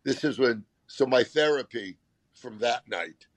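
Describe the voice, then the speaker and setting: A man's voice: medium pitch, animated, unhurried, no room sound. A man in casual conversation, a guest comedian telling rambling, self-deprecating anecdotes with frequent restarts. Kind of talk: casual storytelling chat.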